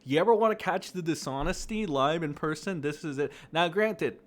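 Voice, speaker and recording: Profane ranting man, heavy on fillers. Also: moderate pace. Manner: profane, exasperated, heavy on fillers, mocking high-pitched quotes. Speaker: commentary streamer. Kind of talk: ranting commentary.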